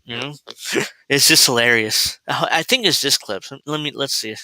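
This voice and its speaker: A man's voice: on the high side, lively intonation, normal speed, pushed and bright, no echo, rough recording. A man hosting a political commentary livestream, talking in a blunt, profane, rambling way and laughing at his own points. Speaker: commentary show host.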